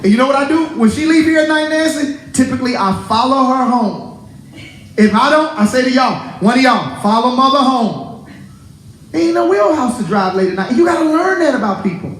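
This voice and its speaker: Man pastor w a high voice preaching, jokey and lively w the church crowd, kinda echoey room. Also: a little fast, a little hiss or hum. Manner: animated, joking preaching to a congregation. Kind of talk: sermon.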